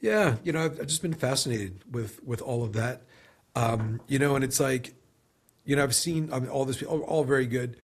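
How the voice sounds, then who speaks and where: Guy on a podcast, kinda husky, rambling and reflective, lots of "you know". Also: medium pitch, normal speed. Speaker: podcast guest, sales leader. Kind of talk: conversational interview.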